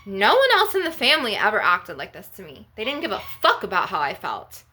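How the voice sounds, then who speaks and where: A woman's voice: mid-range voice, huge pitch swings, fairly quick, sharp tone, a little hiss or hum. Anxious, rambling woman venting. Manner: anxious, rambling, swears a lot. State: anxious and stressed. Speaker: spiritual vlogger. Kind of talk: emotional venting vlog.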